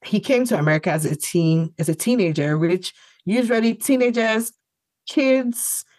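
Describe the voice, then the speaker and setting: A woman's voice: medium pitch, expressive, normal speed, darkish tone, no echo. A woman co-hosting a casual discussion podcast, talking things through thoughtfully with frequent "like" and restarts. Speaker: podcast co-host.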